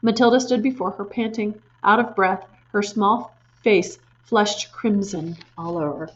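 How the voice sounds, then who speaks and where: A woman reading a children's storybook aloud in an expressive way, pointing out the pictures as she goes. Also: mid-range voice, a little slow, highs cut off.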